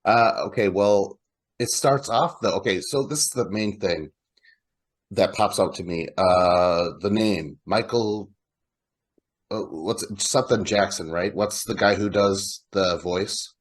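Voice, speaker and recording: Male podcast co-host, slightly low and husky, loose rambling delivery. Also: a little slow. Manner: rambling, with fillers and laughs. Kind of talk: casual movie chat.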